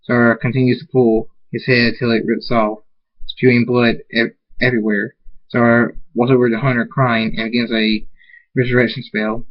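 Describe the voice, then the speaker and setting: A man reading fan fiction aloud, halting and restarting words as he goes. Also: mid-range voice, little pitch movement, lo-fi sound. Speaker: amateur reader.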